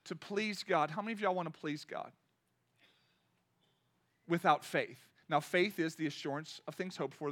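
A man's voice: fairly high pitch, a bit bright. A man preaching a sermon to a congregation in a church, talking conversationally, asking the room questions and rising to impassioned cries. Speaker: pastor.

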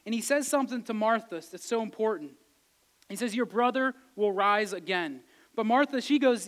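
A man with a notably high voice delivers a sermon, retelling scripture in plain, conversational words. He talks earnestly, rising to emphatic, insistent peaks and then sinking back to soft, quiet passages. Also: a little fast. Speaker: preacher.

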